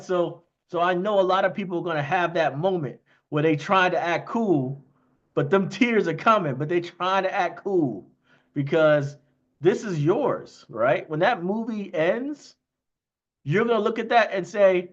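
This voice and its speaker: Male streamer host, casual and excitable, talks in bursts; slightly high voice, lo-fi stream audio. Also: moderate pace. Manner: excitable, talks in bursts with frequent "you know what I mean". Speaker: livestream host thanking investors. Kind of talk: casual livestream chat.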